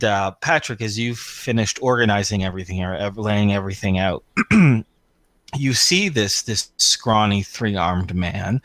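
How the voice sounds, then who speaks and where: A man's voice: on the low side, a bit bright, no echo. Man game master, dry close sound. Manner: rambling, many fillers. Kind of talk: narrating a tabletop game.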